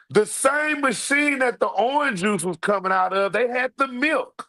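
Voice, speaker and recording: A man's voice: high voice, moderate pace, gravelly, hardly any pauses. A man hosting his own show, telling a comedic, profane story straight to his viewers and calling them "y'all.". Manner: profane, animated, talks to the audience as "y'all". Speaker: online show host.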